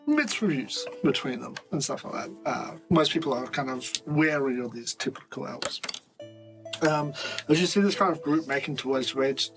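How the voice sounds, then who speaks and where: A man's voice: mid-range voice, lively intonation, moderate pace, rough recording. A man narrating a tabletop game as game master, loose and chatty with many fillers. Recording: music playing behind.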